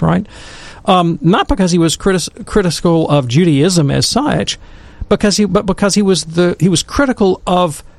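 Middle-aged man, gravelly and fairly high, animated storyteller in a dry room, for a faith talk show. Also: dry recording. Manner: animated storyteller who acts out quotes. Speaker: Catholic commentator on scripture. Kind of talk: casual storytelling and commentary.

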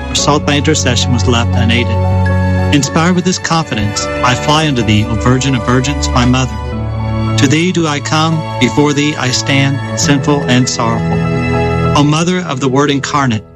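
A clergyman reciting a prayer in a solemn, measured way. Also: medium pitch, over loud music.

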